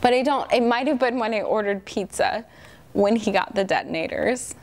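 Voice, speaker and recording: A woman's voice: fairly high pitch, expressive, moderate pace, a little hiss or hum. A tipsy woman hosting a comic movie recap, rambling and profane, with laughing asides. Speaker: host.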